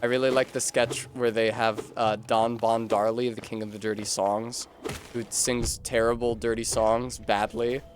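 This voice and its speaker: A man's voice: medium pitch, little pitch movement, normal speed, slight background noise. Rambling, chatty male game streamer. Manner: rambling, self-deprecating, chatty asides to chat. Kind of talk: casual gameplay chat.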